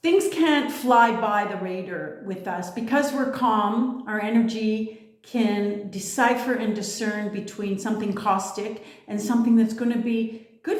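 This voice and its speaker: A woman giving a casual spiritual monologue, blunt and emphatic, swearing freely. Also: medium pitch. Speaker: spiritual vlogger. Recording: echoey room.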